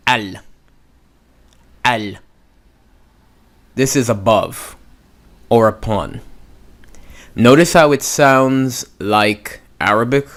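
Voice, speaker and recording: A man teaching a beginners' language lesson, patiently sounding out words and repeating them. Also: mid-range voice. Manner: patient, drawn-out pronunciation demos. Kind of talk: slow spoken lesson.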